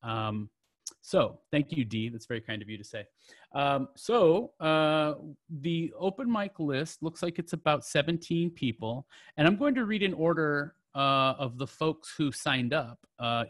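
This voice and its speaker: A man's voice: mid-range voice, a bit bright, dry recording. A man hosting a poetry open mic over a video call, chatty and joking, with many fillers and restarts.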